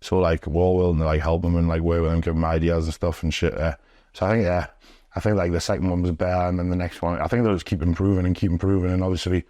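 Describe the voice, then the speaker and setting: A young man, talking low and deep. He rambles through stories in a casual, sweary way, full of fillers. The sound is dry and close. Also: little pitch movement, quick pace, warm tone, no room sound. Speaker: interviewee, pro wrestler. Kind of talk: casual storytelling. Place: indoors, sit-down interview.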